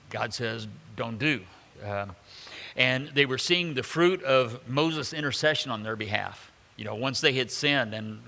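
A man preaching a sermon, his voice bright and forward. He talks in a loose, conversational way, full of "uh"s, restarts and joking asides, and his voice rings out with a long hall reverb behind it. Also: medium pitch, creaky. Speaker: pastor.

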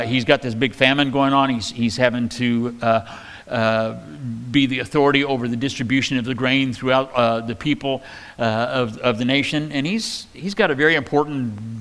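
A man teaching from the Bible as a pastor, in a relaxed, conversational way with joking asides. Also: mid-range voice.

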